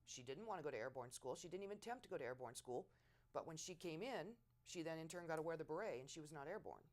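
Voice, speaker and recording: A middle-aged woman in an oral history interview, telling war stories in a lively way and acting out quotes loudly. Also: low-pitched, fast talker. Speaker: veteran interviewee.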